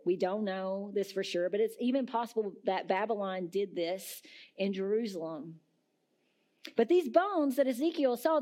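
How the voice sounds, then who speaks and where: A woman delivers a Sunday sermon in a church sanctuary. Her voice sits in a middle pitch, and she speaks conversationally, dropping in small fillers and asking her listeners to picture the scene with her. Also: a little mellow. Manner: conversational preaching with fillers and asides to the congregation. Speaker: pastor.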